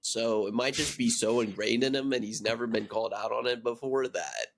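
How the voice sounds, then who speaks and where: A man from the United States chatting on a podcast at an everyday pitch. He rambles through his story with plenty of likes and restarts, in a relaxed and casual way. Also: a little fast, creaky. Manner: rambling storyteller, lots of fillers. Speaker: podcast co-host.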